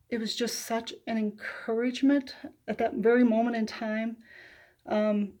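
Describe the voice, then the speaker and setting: A woman telling viewers a personal faith testimony, soft-spoken and emotional, pausing often with hesitant fillers. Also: mid-range voice. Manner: emotional, close to tears. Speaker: faith vlogger.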